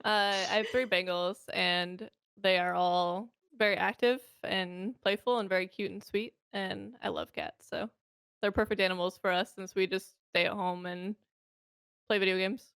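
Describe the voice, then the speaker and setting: Female guest, relaxed and easygoing, mid pitch, dry sound. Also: normal speed, smooth, dry recording. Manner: relaxed, lots of "like" and "you know". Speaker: guest streamer. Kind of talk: casual interview chat.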